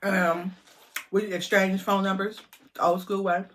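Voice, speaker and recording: A middle-aged woman vlogger telling a lively story to her viewers, chatty and animated. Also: mid-range voice, unhurried, a little hiss or hum.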